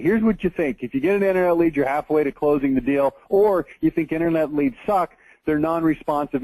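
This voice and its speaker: A man's voice: a little high, warm tone, no echo, poor audio. A man in his forties from Texas, giving a blunt, emphatic marketing tutorial over a screen share, with mocking asides. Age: 40s. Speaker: marketing presenter.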